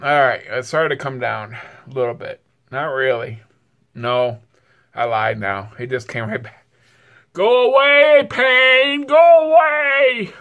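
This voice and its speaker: A man's voice: medium pitch, fairly even intonation, measured pace, fairly bright tone. A man vlogging casually while suffering from spicy heat, sighing and whooping between words. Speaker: food vlogger. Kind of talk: casual vlog.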